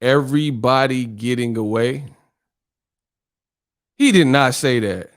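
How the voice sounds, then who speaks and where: A man's voice: medium pitch, slow pace. Profane, joking man livestreaming about boxing. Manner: profane, joking, laughs often, mimics voices. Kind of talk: casual livestream chat reading viewer comments.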